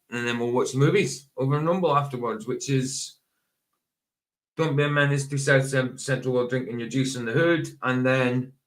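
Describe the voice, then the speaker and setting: Halting man hosting a casual stream. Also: medium pitch, a bit bright. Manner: hesitant, halting with frequent fillers and self-corrections. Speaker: livestream host. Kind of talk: casual chat.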